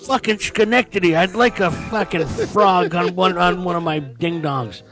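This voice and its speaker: A man's voice: high-pitched, music in the background, natural voice. A man voicing a rambling, lecherous old man who drawls and wanders off topic. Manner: slow, wandering, leering.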